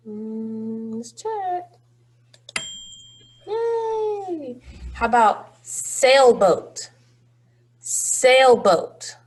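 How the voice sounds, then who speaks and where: A woman's voice: medium pitch, very slow, long pauses, slightly rough. A woman teaching a phonics lesson to young children, patient and encouraging, drawing out each word.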